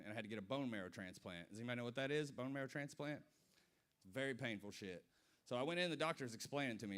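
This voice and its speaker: A man's voice: mid-range voice, a bit bright. Young guy doing stand-up at a brewery, cussing a lot, rambling stories, talking to the crowd on a stage mic. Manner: loose, profane storytelling with crowd asides. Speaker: stand-up comedian. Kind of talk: stand-up comedy set.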